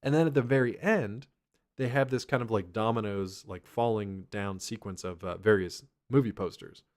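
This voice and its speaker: A man's voice: fairly low pitch, moderate pace, darkish tone. A man co-hosting a podcast, recapping a cartoon with wry, dry asides in casual chat. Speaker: podcast co-host.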